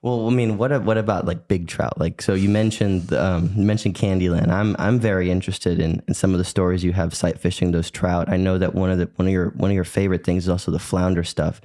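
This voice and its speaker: A man's voice: low voice, fairly even intonation, quick pace, hardly any pauses, dark tone. A man hosting a podcast, asking questions in an enthusiastic, casual way with lots of fillers. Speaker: podcast host. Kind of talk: casual interview chat.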